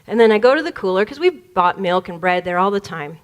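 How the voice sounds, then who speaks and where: A woman from the Detroit area, a spiritual speaker, telling a personal childhood story in an animated way, laughing often and acting out the voices. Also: mid-range voice, fairly quick, clear, resonant tone. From Detroit area, USA.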